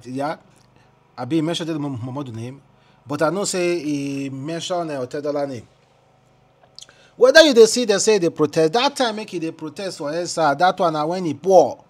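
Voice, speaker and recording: Chatty Nigerian Pidgin commentator. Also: male voice, on the high side. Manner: chatty, rambling, with fillers. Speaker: commentary channel host. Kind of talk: news commentary.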